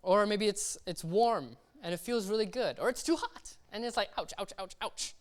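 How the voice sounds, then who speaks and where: A man's voice: sits high, moderate pace. Young man preaching in a chatty, slangy way. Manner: chatty, keeps checking in with "right?" and "okay?"; slangy and relaxed. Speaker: lay preacher. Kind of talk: casual sermon. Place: church service.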